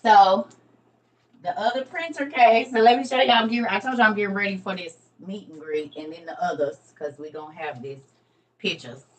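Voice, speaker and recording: A woman's voice: medium pitch, normal speed, rough recording. A middle-aged woman, chatting casually with viewers on a morning livestream from home, calling them y'all. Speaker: livestream host. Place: home room.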